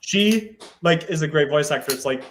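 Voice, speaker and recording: A man's voice: fairly high pitch, lively intonation, normal speed, a bit bright, a little hiss or hum. A man chatting casually as a guest on a podcast, rambling and searching aloud for names. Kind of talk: casual chat.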